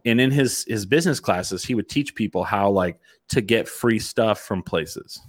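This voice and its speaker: A middle-aged man telling a profane, animated story in casual chat as a host. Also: lowish voice, moderate pace.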